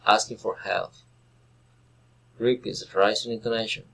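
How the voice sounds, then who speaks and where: A man whose first language is Spanish, reading English pronunciation drills aloud slowly and carefully as a language student. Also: fairly low pitch, steady tone, gravelly, a bit bright, low-quality recording. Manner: slow, careful, deliberate reading of word pairs and sentences.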